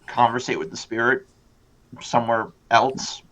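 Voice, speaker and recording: A man's voice: medium pitch, a little slow, a bit bright, lo-fi sound. A man playing a tabletop role-playing game, speaking casually and stammering a little. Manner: hesitant, stammering. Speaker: player.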